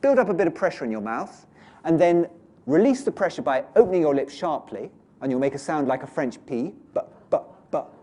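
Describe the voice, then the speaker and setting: A man's voice: on the high side, big pitch swings, brisk, warm tone. A man, teaching pronunciation and demonstrating sounds aloud as he explains.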